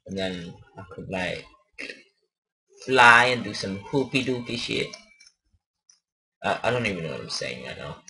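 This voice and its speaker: A man's voice: low voice, creaky, sharp tone. A man giving rambling, self-conscious commentary while playing a game, often losing his train of thought. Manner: rambling, mumbling, unsure of himself. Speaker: let's play host.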